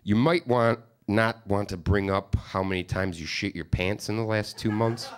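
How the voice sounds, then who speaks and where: A man in his thirties from upstate New York performs a stand-up comedy set. His voice sits a little low. He rambles through self-deprecating stories, swearing freely as he goes. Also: normal speed.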